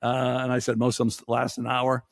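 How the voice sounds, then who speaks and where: A man's voice: mid-range voice, monotone, brisk, creaky, no room sound, studio quality. A man hosting a podcast, telling a crude, exasperated story in profane bar-talk style. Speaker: podcast host. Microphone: studio mic.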